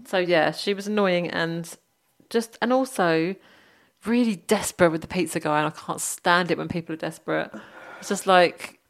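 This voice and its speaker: A woman's voice: on the low side, moderate pace. Woman, podcast co-host, casual chat, giggly, teasing, recorded at home. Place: home with a dog nearby.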